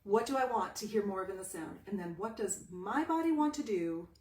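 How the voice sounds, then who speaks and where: A woman's voice: mid-range voice, animated, brisk, darkish tone. A woman voice teacher giving a live-streamed talk at home, animatedly asking and answering her own questions. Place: home room with a pet cat. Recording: echoey room, distant mic.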